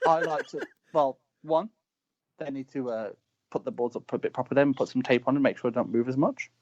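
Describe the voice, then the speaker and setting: A young man talks casually as an interview guest, rambling through stories and arguing back with a joke. His pitch sits at a medium level. The audio is slightly dull and lo-fi. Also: a little fast, a little mellow, dry recording. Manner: rambling, joking, argues back. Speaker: guest, wrestler. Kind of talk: casual chat.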